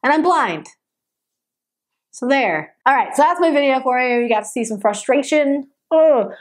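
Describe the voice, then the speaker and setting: A woman talks straight to camera. She tells a story in a lively, exasperated way in a casual vlog. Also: sits high, normal speed. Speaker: vlogger.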